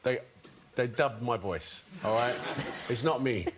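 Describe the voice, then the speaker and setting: A man from Britain with an English accent, chatting as an actor guest on a TV show in a relaxed, laughing manner. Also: medium pitch, measured pace, background noise. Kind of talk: chat show conversation.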